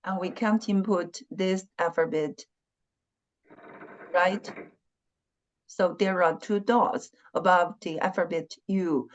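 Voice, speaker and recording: A woman teaching an online language lesson, talking slowly and patiently and repeating syllables and tones again and again. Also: on the low side, steady tone, lo-fi sound, a little hiss or hum. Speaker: Chinese teacher.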